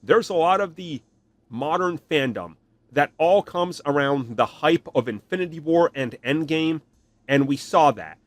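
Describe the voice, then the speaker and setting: A man hosting a podcast, giving an animated, opinionated rant and mocking other fans in put-on voices. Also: on the high side, a little slow. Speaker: podcast host. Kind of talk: opinionated solo commentary.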